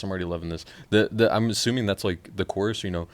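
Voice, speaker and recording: A man from Oklahoma casually reacting to a pop album as host, animated and profane, sometimes mumbling and sometimes bursting out loud. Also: deep voice, fast, hardly any pauses, no room sound, studio quality.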